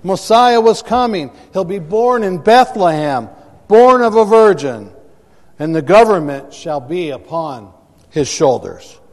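A man's voice: high-pitched, animated, measured pace, a little mellow, big-room sound. A man preaching a sermon to a congregation, emphatic and repeating words for effect, recorded in a church sanctuary. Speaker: pastor.

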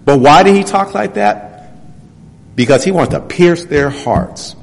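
A man preaching a sermon. He reads scripture passages slowly and presses his points with rhetorical questions. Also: a little high, lively intonation. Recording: long hall reverb.

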